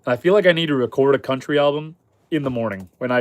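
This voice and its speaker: A man from Canada hosting a homesteading livestream with a head cold, his voice stuffy and slightly hoarse, chatting upbeat with viewers and his animals. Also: medium pitch, fast talker. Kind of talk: casual livestream chat reading viewer comments. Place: chicken coop on a homestead.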